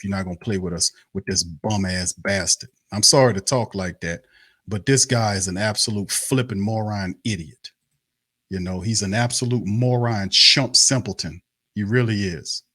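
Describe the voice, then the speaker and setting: A man's voice: lowish voice, pushed and bright, no room sound, clean studio sound. Angry, profane male sports ranter. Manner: profane, exasperated, repeats himself. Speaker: sports talk show host. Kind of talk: angry livestream rant.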